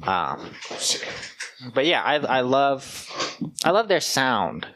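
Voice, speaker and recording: A man's voice: medium pitch, huge pitch swings, slow, a bit bright, no room sound, clean studio sound. A man hosting a casual podcast chat about music, rambling with many fillers and humming bits of songs. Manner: rambling, hums and sings song snippets. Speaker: podcast host.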